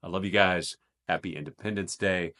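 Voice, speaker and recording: A man's voice: low voice, fairly quick. A man hosting a daily devotional, reading scripture aloud and commenting on it with emphatic stresses and a chuckle. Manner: lively and emphatic, stressing repeated words with a chuckle. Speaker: devotional host.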